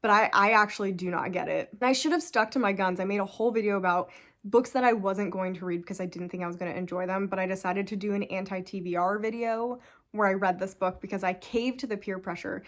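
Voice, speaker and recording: A woman's voice: mid-range voice, fairly even intonation, quick pace, a bit bright. A woman in her thirties chatting casually about books, emphatic, laughing often and full of "like". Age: 30s. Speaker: book reviewer. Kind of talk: casual book review vlog.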